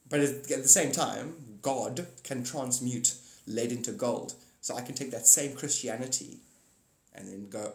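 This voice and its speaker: A man's voice: mid-range voice, moderate pace. A man hosting a livestream, rambling casually about spirituality and laughing often. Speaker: livestream host. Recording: echoey room.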